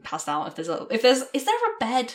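A woman's voice: fairly high pitch, huge pitch swings, a little fast, a little hiss or hum. A woman playing a tabletop game, talking in a playful, giggly way. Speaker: player. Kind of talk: casual chat around a tabletop game.

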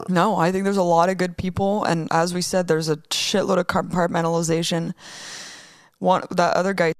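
A young woman telling a story in a casual interview, emotional and rapid, swearing often. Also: lowish voice, little pitch movement, dry recording, studio quality. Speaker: guest.

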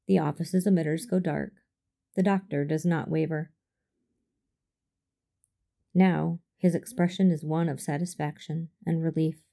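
Brief: woman narrator, first-person story, formal and restrained, gravelly mellow tone. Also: deep voice, fairly even intonation. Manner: measured, formal, restrained delivery. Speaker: audiobook reader. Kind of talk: first-person fan fiction reading.

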